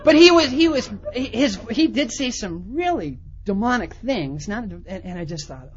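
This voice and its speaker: A man who is a pastor, telling a story in a sermon to a conference with animated delivery, swinging between quiet and loud. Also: high-pitched, moderate pace, hardly any pauses, muffled recording, a little hiss or hum. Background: audience laughter.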